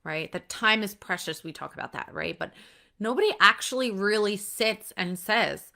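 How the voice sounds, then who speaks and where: Woman in her 30s just chatting solo, bright voice, says like and right a lot, swears a bit. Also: mid-range voice, lively intonation, moderate pace, gravelly. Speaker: podcast host. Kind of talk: casual solo talk.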